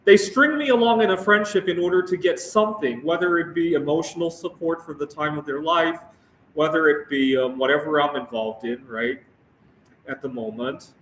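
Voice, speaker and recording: A young man rants on his own show with a slightly high voice. He stammers, repeats himself and keeps checking in with "right?". He sounds set back from the mic in a bare, echoey room with a faint hum behind him. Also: a bit bright, recorded from a distance. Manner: halting, repeats words, asks "right?" often. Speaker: show host. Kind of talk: casual rant to camera. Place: Phoenix area, United States.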